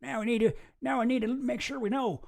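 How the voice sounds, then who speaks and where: A man's voice: very high voice, steady tone, quick pace, vocal fry, pitched above the performer's own voice. A man putting on a folksy, cocky middle-aged male president with a drawl, tongue-tied and mangling old sayings. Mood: blustering.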